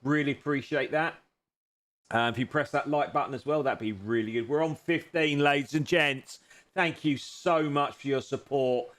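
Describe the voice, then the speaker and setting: A man at his home sim racing rig livestreams a racing game, bantering with viewers in a jokey, teasing way and thanking them as he goes, clearly glad to chat. His voice is fairly high and a bit bright, at a moderate pace.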